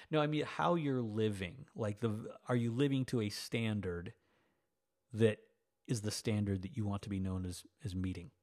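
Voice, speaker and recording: A man in his fifties, a pastor delivering a sermon, reading scripture and breaking into folksy, self-teasing asides. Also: fairly low pitch.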